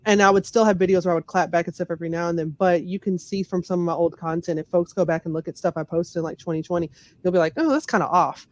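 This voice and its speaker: A woman's voice: lowish voice, little pitch movement, fast, a little mellow. A woman with a thick Southern US accent talking candidly and emphatically as a podcast guest. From Memphis, USA. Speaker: podcast guest, lawyer and comedian. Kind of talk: casual interview talk.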